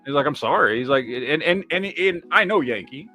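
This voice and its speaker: This podcast host from Michigan, USA, speaks in a fairly high pitch at a moderate pace over soft background music. He rambles in casual conversation, curses a lot, and gets animated as he responds to what viewers have written.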